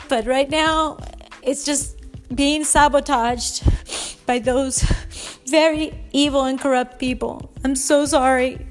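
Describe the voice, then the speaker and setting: A woman hosting a fitness podcast in an earnest, heartfelt monologue, upset and close to tears. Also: high-pitched.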